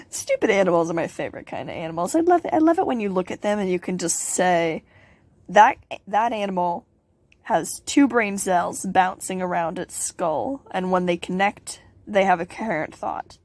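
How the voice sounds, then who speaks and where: A woman's voice: medium pitch, animated, normal speed, a little mellow, no room sound. A teenage girl hosting a casual question-and-answer vlog, bubbly and giggly, rambling with playful asides. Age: teens. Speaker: channel host.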